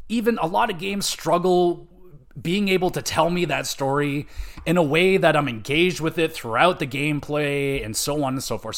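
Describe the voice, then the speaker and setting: Young male podcast host, slightly high voice, excitable and foul-mouthed, loose rambling chat. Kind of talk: casual game review chat.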